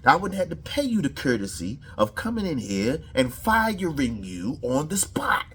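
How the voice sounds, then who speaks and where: A man's voice: fairly high pitch, sing-song, normal speed, fairly bright tone, husky, pitched above the performer's own voice, heavily acted. Man doing a heated, scolding military officer. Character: Rhodes, blunt hot-tempered male military officer. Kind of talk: comic reenactment in a reaction video.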